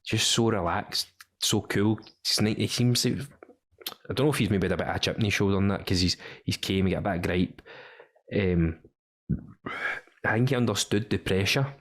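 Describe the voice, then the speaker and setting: Very deep-voiced Scottish man. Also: a little fast. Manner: excitable, slangy, calls people mate. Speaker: podcast co-host. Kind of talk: casual chat about football.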